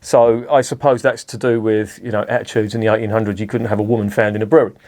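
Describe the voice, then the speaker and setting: A man's voice: fairly low pitch, flat delivery, fast talker, darkish tone. A middle-aged man, reviewing a beer in a casual, rambling monologue, swearing freely and breaking off into asides.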